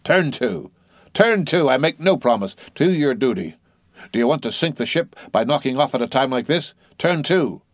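Guy doing an angry ship captain, roaring orders, higher and louder, dry sound. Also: animated, fairly quick, few pauses, dry recording, lightly acted. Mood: furious. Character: furious commanding male ship captain, middle-aged.

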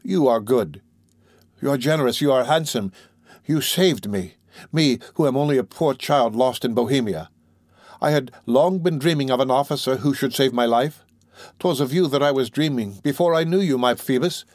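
A man's voice: medium pitch, normal speed, a little mellow, no echo, studio quality, natural voice. A man putting on Esmeralda, a lovestruck gypsy girl. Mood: adoring. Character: young gypsy girl, innocent and adoring.

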